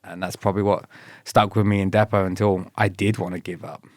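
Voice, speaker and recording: A man's voice: deep voice, fairly quick, no room sound, clean studio sound. A man with a British accent, a podcast guest telling stories in a casual, laid-back way and quoting others with bursts of energy. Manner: laid-back, laughs often, quotes others in lively bursts. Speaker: podcast guest, former paratrooper. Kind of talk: casual storytelling interview.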